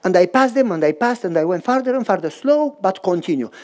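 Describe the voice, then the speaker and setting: A pastor preaches a sermon in a high, fast voice, telling a story animatedly. He acts out voices and rhythmic sounds, using short, emphatic repeated phrases and stressing each word.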